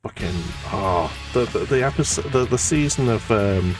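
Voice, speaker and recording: A man's voice: mid-range voice, expressive, normal speed. A sarcastic man swearing casually as a guest on a painting stream. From United Kingdom. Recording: far from the mic, guitar music behind.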